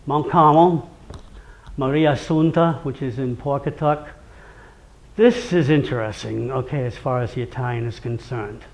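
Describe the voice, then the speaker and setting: Speaking at a moderate pace in a mid-range voice, a Rhode Island–accented man gives a chatty talk on local traditions before a live audience. He's animated, acts out quoted voices, and often checks in with "okay?".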